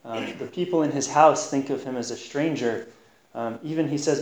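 A man preaches a sermon on scripture with a medium-pitched voice. He talks earnestly, stumbling and restarting as he goes. The recording is roomy and echoey, with a faint hum of noise behind him. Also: darkish tone. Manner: earnest, halting, with frequent restarts.

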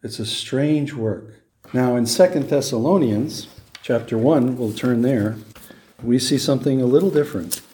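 A man's voice: medium pitch, normal speed, dark tone, roomy sound, a little hiss or hum. A man preaching a sermon, reading scripture with rising emphasis and then explaining it in a conversational way with rhetorical questions. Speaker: pastor.

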